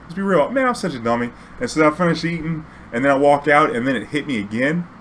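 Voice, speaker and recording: A man's voice: on the high side, fast talker, a little hiss or hum. Laid-back slangy New man. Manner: laid-back, slangy, animated when quoting himself. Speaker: streamer telling a story. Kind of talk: casual storytelling.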